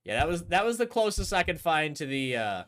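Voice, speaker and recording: A young man streaming a game live, chatting casually and thinking aloud, often trailing off quietly. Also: fairly high pitch, big pitch swings, a little fast.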